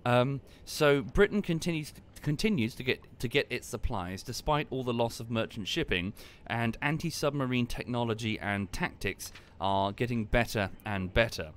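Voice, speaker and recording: A man casually commenting on a live game stream and explaining history at length in a relaxed, wry way. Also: medium pitch, normal speed, hardly any pauses, slight background noise.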